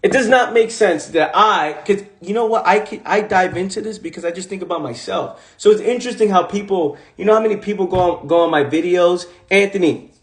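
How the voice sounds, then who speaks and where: High-voiced New man, emphatic streetwise livestream rant, echoing room. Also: brisk, hardly any pauses. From the Bronx, New York. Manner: emphatic, repetitive, streetwise slang. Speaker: motivational coach. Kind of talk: livestream monologue. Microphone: phone livestream.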